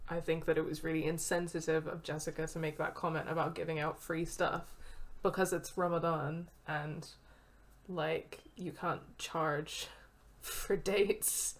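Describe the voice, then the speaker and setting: A woman streaming a story game, chatting casually and reading the game text aloud with asides. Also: low-pitched. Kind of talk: casual let's-play commentary.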